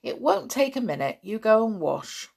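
A woman voicing a kindly, bustling farm mother who talks with warm generosity. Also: a little high, sing-song, moderate pace, gravelly, slightly rough, voice pushed up, full character voice.

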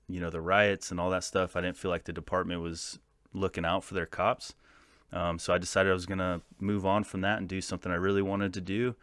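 An American man in his thirties, a podcast guest and former soldier, telling war stories in a casual, profane, animated way with frequent laughs. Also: low voice, no room sound. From United States. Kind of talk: casual storytelling.

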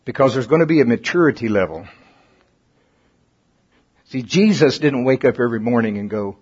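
A man preaching a sermon to a congregation, folksy and animated, his pitch and volume climbing at the high points. His voice is husky and his mouth is getting dry. The recording sounds dull and lo-fi. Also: a little fast, long pauses.

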